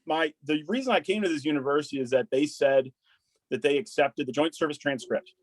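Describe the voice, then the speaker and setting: A man in his thirties with a voice pitched a bit high, talking in a dry, close room. He tells war and college stories in a loose, profane, rambling way, with plenty of "dude" and "like". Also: fairly quick, no room sound, poor audio. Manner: loose and profane, full of "dude" and "like", restarts a lot. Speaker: podcast guest, army veteran. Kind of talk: casual conversational storytelling.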